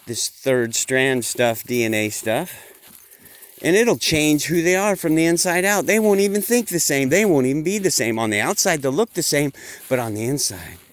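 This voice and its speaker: A man voicing scheming planners who calmly lay out a plot to control people. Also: fairly high pitch, moderate pace, voice pushed up, natural voice.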